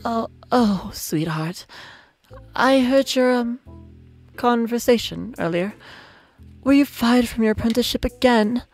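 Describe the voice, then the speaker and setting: Gentle worried mother raven, high and soft, coaxing; male let's player voicing her. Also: a little slow, long pauses, soft background music. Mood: gentle concern.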